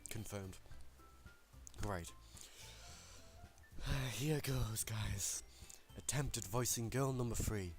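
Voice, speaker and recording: A man's voice: lowish voice, extremely slow, long pauses, soft background music. A young man hosting a let's play, reading game text aloud with casual, profane, self-mocking commentary. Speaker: gaming channel host.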